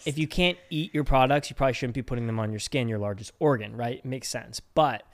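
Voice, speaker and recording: A man in his thirties talks casually on a podcast, playful and easygoing. His voice sits at an ordinary middle pitch, and he keeps the tone light and joking. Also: fast. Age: 30s. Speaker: podcast co-host. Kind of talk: casual chat.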